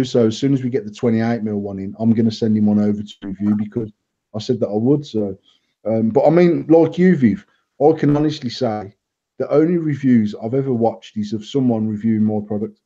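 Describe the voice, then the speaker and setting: Blunt, sweary British bloke on a podcast. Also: male voice, fairly low pitch, a little fast, dark tone, highs cut off. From England. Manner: blunt, swears a lot, rambling restarts. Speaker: vape company owner, co-host. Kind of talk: casual chat.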